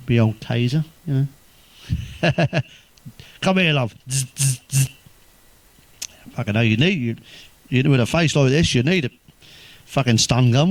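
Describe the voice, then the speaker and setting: A man's voice: medium pitch, no room sound, poor audio. A man telling crude jokes in a stand-up monologue, swearing constantly and laughing at his own punchlines. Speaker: stand-up comedian.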